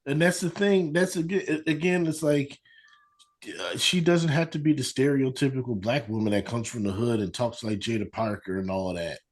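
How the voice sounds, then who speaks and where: A man joining a podcast as a guest, talking in measured casual chat and repeating his points. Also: medium pitch.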